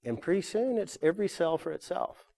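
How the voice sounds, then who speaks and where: A man's voice: high-pitched, sing-song, a little fast, creaky, dark tone. Older man lecturing, rambling and self-correcting. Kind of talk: live lecture to an audience. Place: lecture room with audience.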